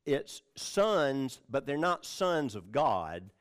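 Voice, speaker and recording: A man's voice: mid-range voice, big pitch swings, slow pace. A male pastor teaching from the Bible in a conversational sermon, reading scripture with stress on key words and often checking in with the listeners. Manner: conversational, checks in with "all right?" and "okay?".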